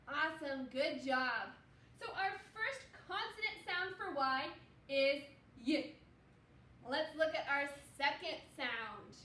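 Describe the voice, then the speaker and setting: High, bright-voiced woman teaching phonics. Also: lively intonation, reverberant, distant mic. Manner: slow, encouraging, sounds out letters for children to repeat. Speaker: second grade teacher. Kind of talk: phonics lesson for young children.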